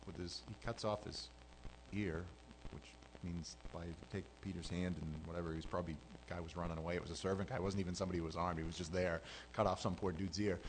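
A low-voiced man preaching a sermon, storytelling with big swings between fervent loud stretches and quiet asides. A faint hum sits under the recording. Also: steady tone, fast, poor audio. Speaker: pastor.

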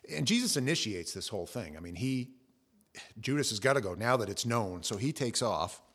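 A middle-aged man preaching a sermon, telling the story with lively, acted-out quotes. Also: a little fast. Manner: animated storytelling, acting out quotes with jumps in pitch and volume. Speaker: pastor.

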